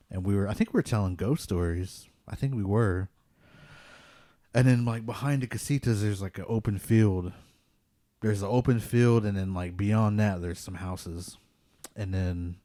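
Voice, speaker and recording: A man with a low, warm voice tells a personal ghost story in a casual, rambling way, leaning on "like" again and again. He is a podcast host in casual conversation. The recording is dry and close. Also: dry recording. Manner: relaxed, rambling, many "like" fillers.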